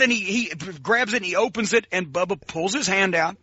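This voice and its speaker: A man telling stories in casual chat, animated and profane, acting out quoted lines. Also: sits high, brisk, husky, no echo. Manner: animated, profane storyteller who acts out quotes. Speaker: podcast co-host. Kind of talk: casual storytelling. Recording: dull lo-fi sound.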